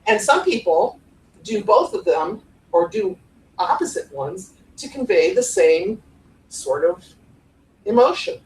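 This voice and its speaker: A woman in her forties from the Cleveland area giving a playful, lively workshop talk to a room, acting out tones of voice as she goes. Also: mid-range voice, takes it slowly, long pauses, slight background noise. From Cleveland area, USA. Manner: animated, playful, demonstrates tones of voice. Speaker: conference presenter. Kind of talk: live workshop talk on podcast voice technique. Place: conference room with audience. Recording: roomy live room recording from a distance.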